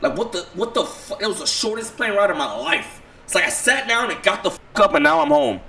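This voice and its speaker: A man recounts a chaotic day to his stream in loose, profane slang. His voice sits high and jumps all over the place, dropping to low mutters and then bursting out. It has a bright, gravelly edge. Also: brisk. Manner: profane, excitable, swings from low mutters to shouts. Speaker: streamer telling a story. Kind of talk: casual storytelling, reacting.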